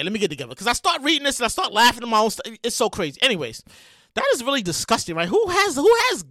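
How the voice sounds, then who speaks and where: A podcast host ranting about the news in a loud, animated way, often laughing and shouting. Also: sits high, dry recording, studio quality. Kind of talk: casual commentary rant.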